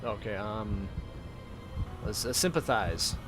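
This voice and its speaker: A man's voice: fairly low pitch, slow, music in the background. A man casually commentating while he plays a game, joking, swearing and reading the game's text aloud. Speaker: let's play host.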